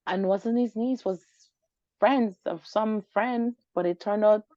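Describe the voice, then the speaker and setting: A woman's voice: medium pitch, slow, no echo. A woman guest recounting a personal story in an interview, animatedly acting out the dialogue. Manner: animated, acts out quoted dialogue. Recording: dull lo-fi dry recording.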